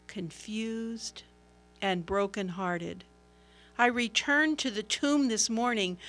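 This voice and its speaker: A woman's voice: medium pitch, fairly bright tone. A woman voicing Mary, a grieving follower of Jesus, in an earnest and emotional first-person dramatic monologue. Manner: earnest, emotional, swelling at moments of wonder.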